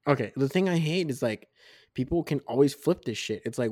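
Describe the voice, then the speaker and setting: A man in his twenties on a casual podcast, telling a rambling, profanity-heavy story about his military days, with tipsy, animated storytelling. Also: medium pitch, brisk, no echo, clean studio sound. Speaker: podcast co-host. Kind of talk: casual drunk storytelling chat.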